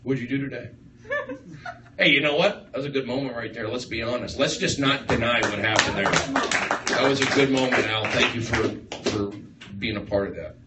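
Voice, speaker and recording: A man doing a rambling stand-up set, riffing excitably on the crowd in a small comedy room. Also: medium pitch, a little fast. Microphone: far live-stream phone mic. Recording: echoey, distant livestream with room noise.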